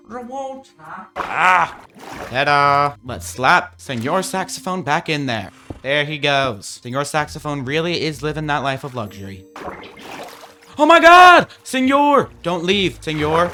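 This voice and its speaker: A man giving casual, playful gameplay commentary, chatting along and breaking into sudden excited outbursts. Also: a little high. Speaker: gaming video creator.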